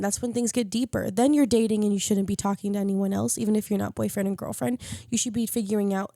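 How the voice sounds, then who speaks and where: Young woman podcast panelist, casual and candid, low gravelly edge, dry close sound. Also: steady tone, fast talker, dark tone, no room sound. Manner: candid storytelling, acts out quoted lines. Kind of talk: casual chat.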